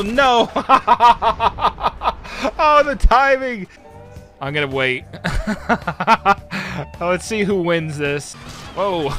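A young man streaming a video game, laughing constantly, swearing freely and bursting out in excitement. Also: high-pitched. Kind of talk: casual gameplay commentary.

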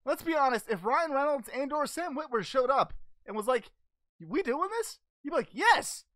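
As channel host, a woman answers fan questions in the persona of a cheerful, naive male alien martial-arts fighter, goofy, distractible, and frequently stalling with ums. Her high-pitched, expressive voice is fairly bright and moves at normal speed. The recording is studio quality with no room sound.

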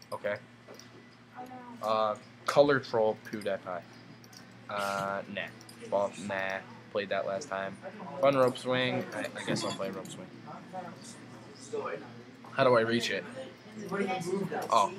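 A young man doing goofy gameplay commentary, muttering asides and then breaking into high excited yells. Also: moderate pace, pauses often, crowd noise.

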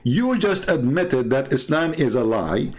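Speaking with an Arabic accent, a Middle Eastern man who grew up with Arabic runs a rambling, sarcastic livestream as a channel host and religion critic. His voice is medium-pitched, sing-song, a little slow, and a little mellow.

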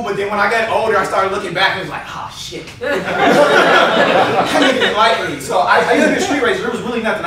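In a cramped late-night comedy room at a convention, a high-pitched man from the Los Angeles area delivers a stand-up set, lively and crude, chuckling as he tells his tales. There's no mic, so the sound comes from far off and echoes around the space. Audience members laugh and shout back throughout.

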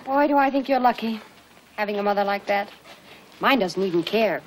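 A woman's voice: medium pitch, expressive, fairly quick, a little hiss or hum, close to an everyday voice, low-quality recording. An actress playing an admiring young shopgirl with an eager, chummy manner. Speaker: shop coworker. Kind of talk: film drama acting.

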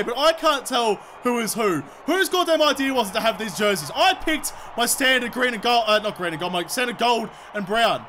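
Young man, Australian accent, very high voice, bright tone, rowdy gameplay commentary, frequent shouting. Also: animated, moderate pace, hardly any pauses, a little hiss or hum. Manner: shouts and cheers at the game, cheeky jokes. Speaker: gaming video creator.

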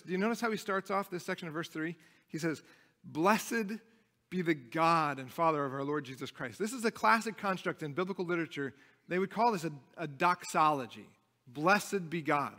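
In a church sanctuary with the long reverb of the hall, a young adult pastor preaches a sermon. His high-pitched voice is a bit bright, and he's earnest and emphatic, often restarting his phrases.

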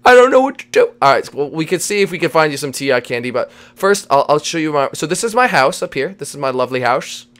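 A man's voice: on the high side, animated, quick pace, few pauses, a bit bright. Stammering man hosting a Minecraft role-play. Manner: bumbling, hesitant, stammers with "uh". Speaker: host and Minecraft role-player.

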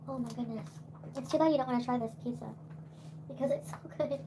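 This is a young woman's laid-back livestream chatter, full of laughter and eating, delivered fast with fairly even intonation over some background noise. Her pitch is distinctly high, and she alternates gentle asides with spurts of giggling.

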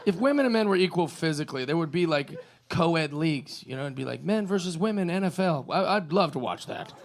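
A man's voice: lively intonation, a little fast, vocal fry. A man doing a stand-up routine in a mock-earnest manner. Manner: mock-earnest, jumps into squeaky impressions. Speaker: stand-up comedian.

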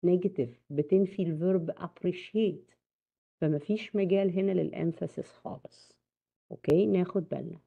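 An Egyptian woman teaches English in a recorded lecture, her voice carrying a gravelly fry as she quizzes her class. She slides between Arabic and English. The sound is thin and tinny, like it came over a phone line. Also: on the low side, fast talker.

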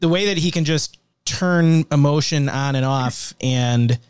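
A man's voice: a little high, a little slow, clean tone, no echo, studio quality. A man co-hosting a true-crime podcast, reflecting aloud on the case. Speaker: podcast co-host. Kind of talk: investigative podcast interview.

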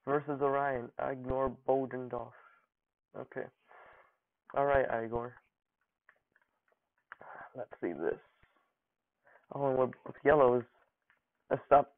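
A young man with a medium-pitched voice hosts a gaming channel, casually commentating over his gameplay and taunting opponents in jokey, mock-dramatic lines. The recording is dry and narrow like a phone, with no room sound.

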